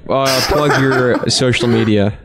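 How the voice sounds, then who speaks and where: A man's voice: medium pitch, slow, background noise. A man co-hosting a comedy podcast, sarcastic and playful in casual banter. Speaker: podcast co-host.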